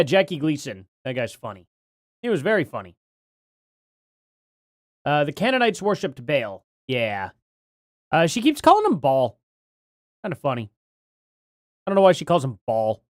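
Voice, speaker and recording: A man's voice: fairly high pitch, dry recording. Guy streaming live, rambling on, muttering to himself, super dry mic. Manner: rambling, muses aloud and reads out chat names. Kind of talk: casual live-stream chat.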